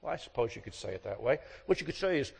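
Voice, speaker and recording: A man's voice: mid-range voice, sing-song, very fast, vocal fry, breathy edge. A man giving a sermon to a congregation, telling folksy stories and acting out the voices of the people in them. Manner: folksy storytelling, acts out quoted voices. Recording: long hall reverb.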